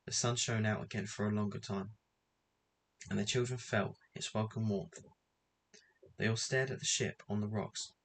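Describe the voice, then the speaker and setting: Man, storybook narration, measured, fairly low voice, faint hiss. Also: steady tone, creaky. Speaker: reader. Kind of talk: storybook reading aloud.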